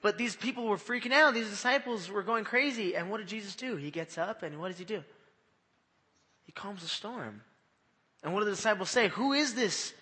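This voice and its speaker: A man preaching a sermon in a lively, conversational way, often checking in with his listeners. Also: sits high, brisk. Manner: animated, conversational, often asks "right?". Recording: long hall reverb.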